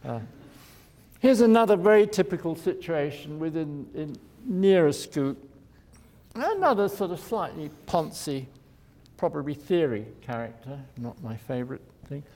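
A man's voice: a little high, lively intonation, a little slow, darkish tone. An older man, an architect, giving an informal lecture in a wry, digressive way, chuckling at his own jokes. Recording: lecture hall reverb.

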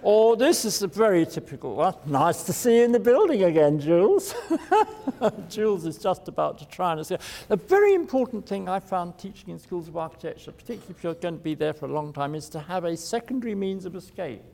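A man's voice: sits high, lively intonation, fast talker, vocal fry, darkish tone. An older man, an architect, giving an informal lecture in a wry, digressive way, chuckling at his own jokes. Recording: lecture hall reverb.

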